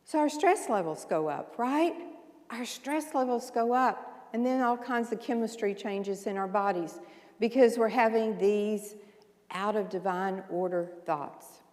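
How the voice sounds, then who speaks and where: An older woman minister delivering a folksy, conversational sermon, often clearing her throat. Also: mid-range voice, measured pace, a little mellow, in a large hall. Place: church sanctuary.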